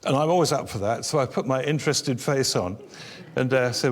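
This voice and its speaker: A man's voice: medium pitch, brisk. An older man from the UK, an author telling humorous stories to an audience in a wry, self-deprecating manner. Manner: wry, self-deprecating, building to animated exasperation. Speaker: author and guest speaker. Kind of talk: humorous storytelling talk. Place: church venue before an audience. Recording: reverberant church hall.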